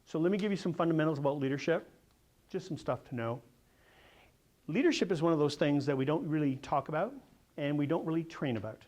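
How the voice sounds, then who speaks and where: High-voiced, energetic male sales coach. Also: brisk. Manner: energetic, animated storyteller who quizzes the audience. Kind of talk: seminar talk to a live audience.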